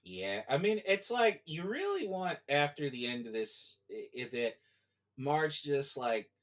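A man's voice: on the high side, big pitch swings, measured pace, a bit bright. A man, a guest on a casual book podcast, talking in a rambling, emphatic and profane way with many fillers. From United States.

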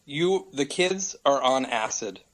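A man's voice: mid-range voice, animated, takes it slowly, a bit bright. An American man in his thirties, a regular correspondent on a comedy podcast, rambling through a theory in casual chat and laughing often. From United States.

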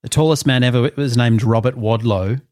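A man's voice: mid-range voice, a little fast, darkish tone, no echo. A man co-hosting a casual podcast chat, dry-humoured and hesitant, with frequent fillers. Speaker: podcast co-host.

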